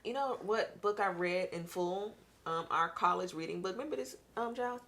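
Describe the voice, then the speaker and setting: A woman's voice: fairly low pitch, normal speed, a bit bright. A young woman co-hosting a podcast, chatting casually in a blunt, rambling way. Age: young adult. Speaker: podcast co-host. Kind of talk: casual chat.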